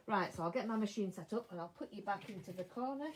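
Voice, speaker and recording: An older woman chatting casually as she sews, talking to herself and dropping into soft mutters. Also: fairly low pitch, brisk. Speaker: sewing vlogger. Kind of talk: casual chat while sewing. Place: home sewing room. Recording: clear sewing machine noise behind.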